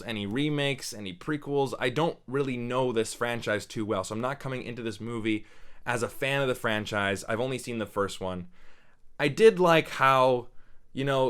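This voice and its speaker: A man's voice: mid-range voice, fairly bright tone. Blunt rambling young male movie reviewer. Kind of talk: casual unscripted review.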